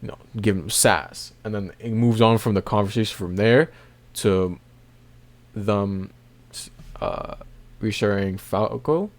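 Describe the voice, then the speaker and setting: A man casually recapping a comic chapter, rambling with many fillers and soft laughs. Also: fairly low pitch, measured pace, no echo. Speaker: manga recap video host.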